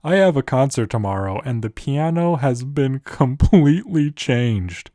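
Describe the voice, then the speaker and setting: A man's voice: mid-range voice, lively intonation, a little slow, mellow, no room sound, studio quality, natural voice. A man voicing a haughty, irritable classical composer who scoffs at others. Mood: scornful. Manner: irritable and scornful.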